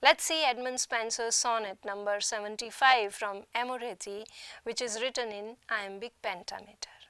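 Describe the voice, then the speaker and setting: A woman from India who teaches literature speaks in a recorded lecture, her voice bright, crisp and rather high. She sets out each point slowly and deliberately and enunciates every syllable clearly. The sound is dry and close, as in a studio. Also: fairly even intonation, no echo. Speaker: assistant professor teaching literature.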